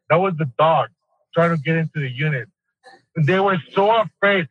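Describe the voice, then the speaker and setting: A man's voice: high-pitched, no room sound. Exasperated man in a lo-fi deposition. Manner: rambling, exasperated, halting restarts. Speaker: building concierge testifying in a deposition. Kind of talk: recorded video deposition testimony.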